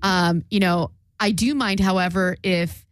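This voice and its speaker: A woman's voice: lowish voice, fairly even intonation, unhurried, no echo. A woman in casual chat, giving firm opinions with emphasis and frequent swearing.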